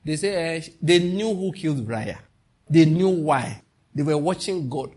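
Fervent Nigerian preacher, a man with a raspy, raised-pitch voice, at the pulpit. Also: animated, normal speed, darkish tone. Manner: impassioned, mixing in pidgin asides. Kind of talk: sermon.

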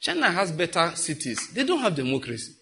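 A man's voice: a little high, wildly swooping pitch, a little fast, sharp tone. A middle-aged man preaching a sermon, talking to his congregation with frequent rhetorical questions. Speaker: pastor.

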